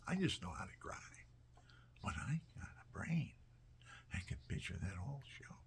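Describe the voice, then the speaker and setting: A man telling personal stories in a casual, animated way, often dropping to a near whisper. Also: mid-range voice, normal speed. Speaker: storyteller.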